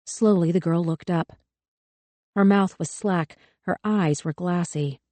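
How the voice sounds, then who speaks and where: A woman narrating a thriller audiobook in a measured, tense way. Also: fairly low pitch, mellow, no room sound. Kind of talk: scripted narration.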